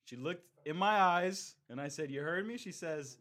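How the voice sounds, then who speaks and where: A man in casual comic banter, telling his side of a story in a defensive, drawn-out way with mock formality. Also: fairly high pitch, expressive, fairly bright tone. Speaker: podcast co-host. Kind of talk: casual comedic chat.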